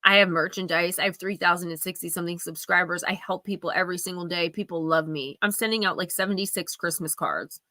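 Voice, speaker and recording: A woman's voice: on the low side, steady tone, fast, few pauses, sharp tone, no room sound, clean studio sound. A woman hosting a live oracle card reading, giving earnest, emphatic advice straight to her viewers. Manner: earnest, emphatic, confiding, speaks to viewers directly.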